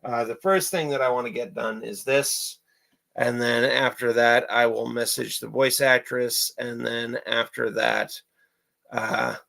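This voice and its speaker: A man's voice: mid-range voice, creaky, a bit bright, low-quality recording. A young man talking casually in a vlog about his writing and animation work, rambling and repeating himself with many fillers. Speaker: amateur animator and writer.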